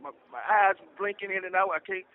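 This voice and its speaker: Man, high-pitched, casual rambling storyteller, recorded like a tinny phone line. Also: fairly even intonation, brisk. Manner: rambling, conversational, with many restarts. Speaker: guest telling a personal story. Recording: tinny phone-like sound with faint noise.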